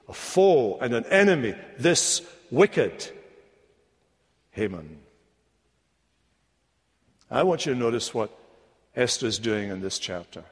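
A man preaching a sermon, emphatic and deliberate, with rhetorical questions. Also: medium pitch. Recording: long echo of a large hall.

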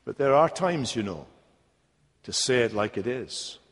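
A man preaching a sermon, emphatic and deliberate, with rhetorical questions. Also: mid-range voice, lively intonation. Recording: long echo of a large hall.

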